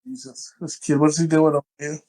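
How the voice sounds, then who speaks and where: A man's voice: on the high side, expressive, brisk, mellow. Middle-aged guy, co-host, rowdy and foul-mouthed, big over-the-top impressions. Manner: rowdy, profane, laughs a lot, mimics movie lines over the top. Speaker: podcast co-host. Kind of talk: casual crude chat.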